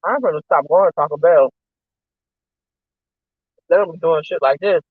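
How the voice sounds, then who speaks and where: High-pitched man, profane rambling streamer, dry close sound, muffled lo-fi. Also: moderate pace, husky, no room sound. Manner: profane, ranting and venting. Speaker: live-stream host. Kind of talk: casual rambling live-stream chat while eating.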